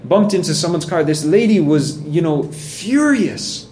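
Earnest man preaching in a slightly high voice. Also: animated, unhurried, darkish tone, a little hiss or hum. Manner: conversational storytelling with acted quotes; earnest, repeats points for emphasis. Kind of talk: sermon.

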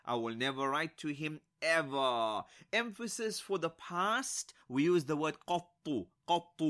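A man teaching an Arabic grammar lesson, repeating each example slowly and then translating it, with short words of praise in between. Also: fairly high pitch, animated, sharp tone.

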